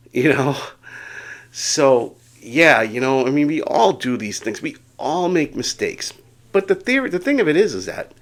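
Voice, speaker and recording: A middle-aged man tells a story on his vlog in an unpolished, rambling way, with frequent chuckles and self-deprecating asides. His voice sits at an everyday mid pitch. He sounds like someone still getting over a spell of dizziness. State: recovering from dizziness. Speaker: vlogger.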